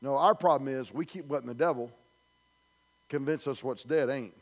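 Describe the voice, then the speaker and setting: A man's voice: mid-range voice, normal speed. A male pastor preaching a sermon in a church, emphatic and repetitive, building his points through repeated declarations. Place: church sanctuary.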